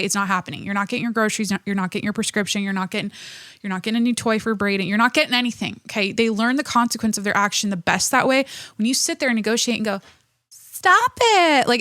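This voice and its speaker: A woman's voice: medium pitch, dry recording, studio quality. Profane, fiery woman ranting on her podcast. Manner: animated, profane ranting with self-interruptions. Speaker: podcast host. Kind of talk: solo podcast monologue.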